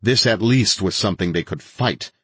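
A man narrating an audiobook in a steady, dramatic reading of scripted narration. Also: on the low side, moderate pace, husky, no echo.

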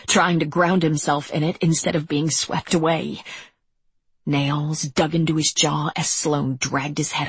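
An audiobook narrator reads in a slow, measured way. The voice is very breathy and husky, and the recording is close and dry. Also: medium pitch, no room sound. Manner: measured, even dramatic reading.

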